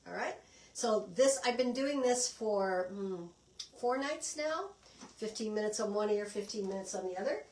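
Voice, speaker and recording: A woman's voice: medium pitch, expressive, normal speed, a little mellow, reverberant, distant mic, rough recording. A middle-aged woman from Canada leading a participatory wellness class, chatty and encouraging, often restarting her sentences. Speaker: wellness instructor.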